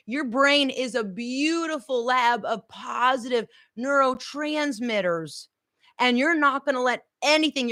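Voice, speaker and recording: A middle-aged woman life coach giving an energetic motivational master class, emphatic and full of repeated mantras. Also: sits high.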